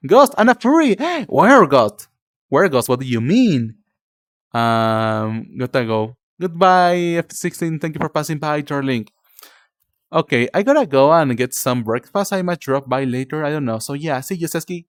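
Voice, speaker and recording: Lively male streamer. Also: medium pitch, no room sound, studio quality. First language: Spanish. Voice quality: halting, searching for words in a second language. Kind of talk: casual live-stream chat, reading chat aloud.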